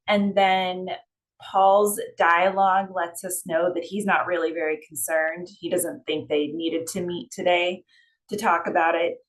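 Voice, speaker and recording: Woman, editor, fairly low voice, conversational, explanatory, loose phrasing. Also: fairly bright tone. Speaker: editor and writing coach. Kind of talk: explaining writing tips in a discussion.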